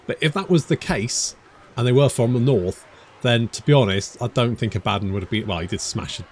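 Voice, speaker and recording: A man's voice: medium pitch, a little fast, slight background noise. A man giving rambling, chatty let's play commentary, thinking aloud and muttering to himself as he plays. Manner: rambling, chatty, wanders off on tangents. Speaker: gaming YouTuber.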